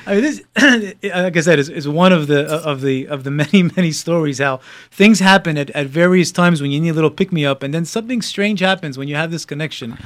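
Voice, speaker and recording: A middle-aged man tells a story in an easy, casual way. He stumbles through fillers and restarts, then rises with animation at the exciting parts. His voice sits fairly high and sounds dry and close. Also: fairly quick, few pauses, dry recording. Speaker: guest telling a story.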